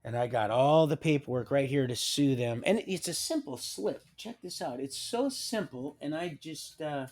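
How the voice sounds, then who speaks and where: A man's voice: a little high, lively intonation, normal speed, hardly any pauses, darkish tone. A man on a livestream telling a personal story in a rambling way, with many restarts and trailing sentences, reading documents aloud and adding wry asides. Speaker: livestream host.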